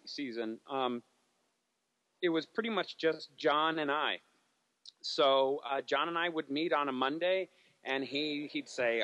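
A man's voice: a little high, fairly bright tone, no echo. A man, a TV animation writer, talking as a guest in a casual interview, telling stories with lots of fillers and restarts.

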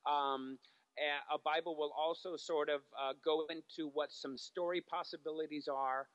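A man's voice: fairly high pitch, fairly even intonation, normal speed, fairly bright tone, clear, resonant tone, dry recording, dull audio. A man, a TV animation writer, talking as a guest in a casual interview, telling stories with lots of fillers and restarts.

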